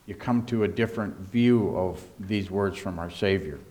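A man preaching a sermon as pastor, emphatic, swinging between hushed and raised delivery. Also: deep voice, moderate pace.

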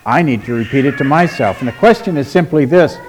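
A man preaching a sermon in a deliberate, emphatic way, asking rhetorical questions and dropping to a quiet voice for stress. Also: medium pitch, lively intonation, a little hiss or hum. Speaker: pastor.

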